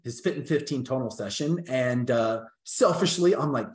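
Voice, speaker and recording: A man's voice: medium pitch, expressive, normal speed, few pauses. Guy co-hosting a gym podcast, earnest and fired up, says "like" a lot, echoey room. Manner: heartfelt, fervent storyteller, frequent "like" and "yep". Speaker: podcast co-host, gym owner. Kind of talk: casual business podcast talk.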